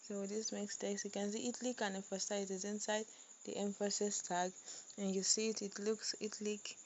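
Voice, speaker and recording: Woman coding tutor, measured and monotone, repeats words while typing. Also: mid-range voice, slight background noise. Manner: dictates slowly while typing, repeats phrases. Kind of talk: screen-recorded coding tutorial.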